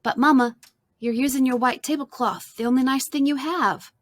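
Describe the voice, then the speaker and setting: A woman reading aloud voicing an earnest young boy in a storybook, her voice lifted higher for him. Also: steady tone, normal speed, no echo, natural voice. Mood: pleading.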